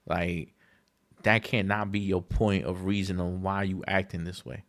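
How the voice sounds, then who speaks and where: A man hosting a podcast in a casual solo monologue, with an emphatic, slangy, profane rant that jumps up in pitch when he gets exasperated. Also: fairly even intonation, normal speed. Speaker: podcast host.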